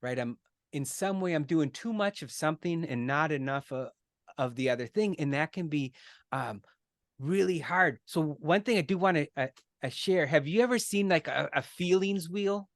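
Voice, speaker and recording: A middle-aged man on a podcast explains something earnestly and conversationally, his fairly high voice moving with lively intonation at normal speed. He keeps checking in with "right?" and restarting his words. The recording is dry, with clean studio sound.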